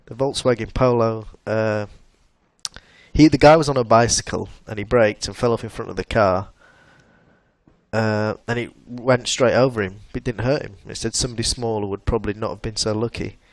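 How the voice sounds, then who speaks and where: A man's voice: lowish voice, steady tone, normal speed, no room sound. A man co-hosting a casual podcast chat, retelling odd news stories with a laugh. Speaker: podcast co-host.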